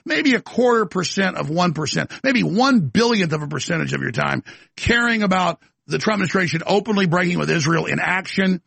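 A man rants through a talk-show monologue in a gravelly, rough-edged voice that sits high for a man. He presses every point with insistent emphasis. The sound is close and dry, with no room around it. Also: animated, a little fast, fairly bright tone, no room sound. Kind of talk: impassioned talk-radio monologue.

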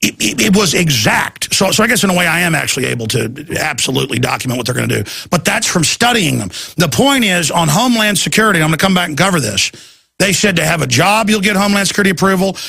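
A man hosting a radio show, ranting urgently and emphatically in a gravelly voice. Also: sits high, expressive, fast talker, bright, forceful tone, no room sound. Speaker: radio host. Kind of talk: impassioned talk radio monologue.

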